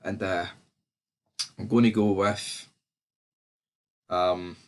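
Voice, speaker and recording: A man's voice: low-pitched, very slow. A man with a Scottish accent giving a casual, sweary football match preview on his vlog. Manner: sweary and animated, fan talk. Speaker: football fan vlogger.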